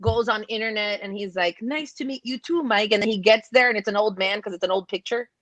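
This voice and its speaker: A woman talking casually on a podcast, animated, acting out movie quotes in put-on voices. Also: medium pitch, fast talker. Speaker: guest co-host.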